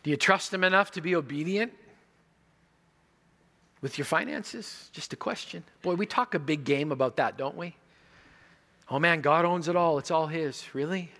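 A male pastor preaching a sermon, telling stories and moving between quiet moments and loud emphasis. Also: on the high side, normal speed, long pauses.

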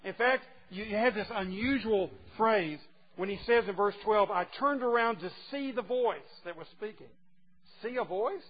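A man preaching a sermon, emphatic and teasing, swinging from quiet asides to loud declarations. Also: high voice, moderate pace. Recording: dull lo-fi recording with faint noise.

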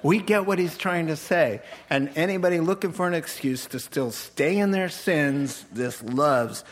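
Slow-paced joking male pastor. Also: on the high side. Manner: animated, joking asides with laughter. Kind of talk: sermon.

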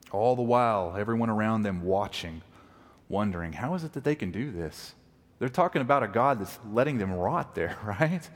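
A man preaching a sermon as pastor, moving between hushed reflection and loud, impassioned scripture reading. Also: lowish voice. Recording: long reverb of a large hall.

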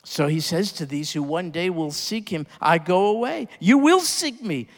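A pastor delivers his sermon in a high, animated voice that swings widely in pitch. He presses hard on some phrases and lets others fall low and quiet. His voice carries with the long reverb of a church sanctuary. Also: moderate pace. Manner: preaching with swelling emphasis, dropping low and soft on key words.

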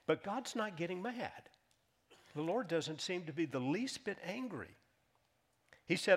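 A man's voice: very animated, husky. Man preaching with rising emphasis. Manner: reads scripture aloud, rising in pitch and volume for emphasis; drops to a soft, slow hush on key lines. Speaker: pastor. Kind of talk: sermon.

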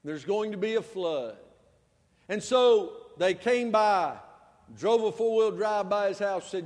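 A male pastor preaching a sermon in a high-pitched voice. He swings from loud outbursts down to hushed, quiet lines, and a long reverb from the hall trails each phrase. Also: measured pace.

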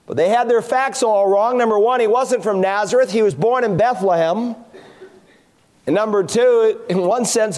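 Pastor guy with a really high voice, preaching, emphatic, lots of rhetorical questions. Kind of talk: expository sermon.

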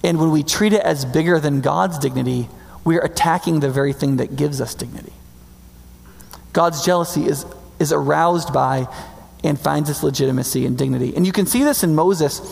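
Male preacher, emphatic sermon, high voice, gravelly, long hall reverb. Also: darkish tone. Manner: emphatic, conversational, slows for key words.

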